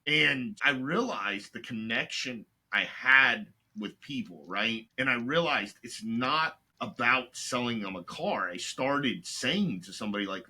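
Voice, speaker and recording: A man's voice: mid-range voice, a little slow, hardly any pauses, breathy edge. A middle-aged man, an entrepreneur guest, telling stories in casual chat and acting out other people's voices, with "right?" and "like" throughout. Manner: animated, acts out customers' voices; peppers talk with "right?" and "like".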